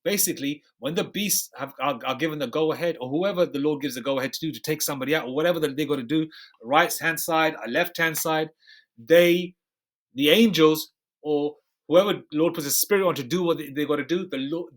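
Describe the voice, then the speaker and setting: A man preaching over scripture with a somewhat high voice. He reads verses slowly, then drops into emphatic, slang-laced commentary and keeps checking in with "okay?" as he hammers his points home. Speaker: bible teacher. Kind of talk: scripture study sermon.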